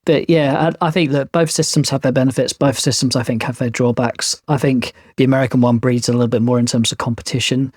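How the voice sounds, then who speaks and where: Joking husky man. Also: medium pitch, fairly even intonation, fast talker, few pauses, darkish tone, dry recording, clean studio sound. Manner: joking, self-mocking. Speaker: podcast co-host. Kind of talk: casual chat.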